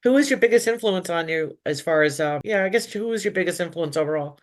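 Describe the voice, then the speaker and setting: An interviewer who asks short questions about music and reacts with quick, encouraging remarks. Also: mid-range voice, lively intonation.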